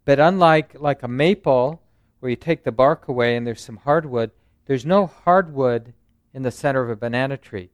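Smooth-voiced man giving a dharma talk. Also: mid-range voice, moderate pace, no room sound. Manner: conversational, frequent "right?" and "you know". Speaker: meditation teacher. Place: meditation center.

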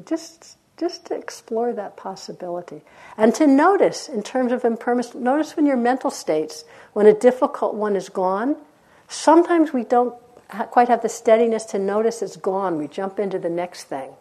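Gentle, mellow-voiced woman meditation teacher. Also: a little high, lively intonation. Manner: gentle, unhurried, with reflective pauses. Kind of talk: dharma talk.

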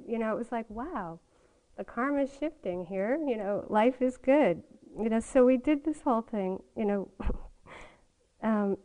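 A woman's voice: a little high, warm tone, low-quality recording. An older woman giving a meditation talk at a retreat, telling a personal story in a candid way and laughing often. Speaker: meditation teacher.

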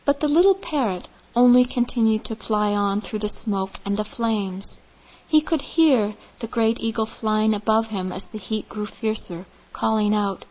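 A woman meditation teacher telling a parable gently, in measured phrases with vivid pauses. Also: mid-range voice, lo-fi sound. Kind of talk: slow storytelling of a parable.

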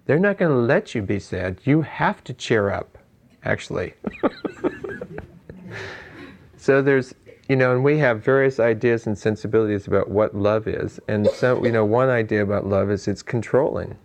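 A man with a fairly low voice gives an informal dharma talk, teaching meditation. He muses aloud, chuckles between points, and fills his pauses with "you know."

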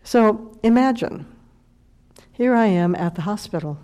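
Mellow-voiced woman giving a dharma talk. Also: medium pitch, animated, a little slow. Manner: heartfelt storytelling, dropping to a whisper for quoted words. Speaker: meditation teacher.

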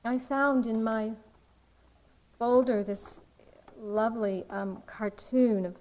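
A woman meditation teacher giving a dharma talk in a slow, reflective way, with soft pauses. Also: on the high side, fairly even intonation, muffled recording.

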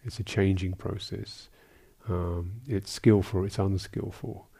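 A gravelly, somewhat low man's voice, a Buddhist monk teaching in a dharma talk. He speaks thoughtfully and haltingly, restarting phrases and adding small asides. The tone stays dark and mellow. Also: steady tone. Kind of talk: dharma talk answering questions.

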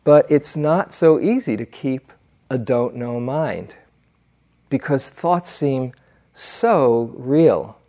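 A male meditation teacher gives a dharma talk at a slow, unhurried pace. His voice sits at a middle pitch and sounds reflective. He moves into stories easily and leaves natural pauses between thoughts. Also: expressive, mellow. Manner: unhurried, reflective storytelling with fillers.

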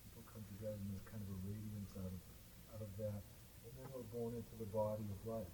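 A participant in a meditation class speaks slowly and haltingly, often repeating words. The delivery is flat, and the recording carries a clear noisy background. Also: mid-range voice.

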